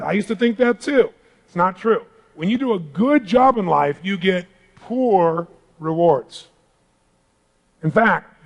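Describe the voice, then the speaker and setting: A middle-aged man giving an animated motivational seminar talk to a live audience in a large hall, calling for responses. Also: a little high, creaky, slightly rough. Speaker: motivational speaker.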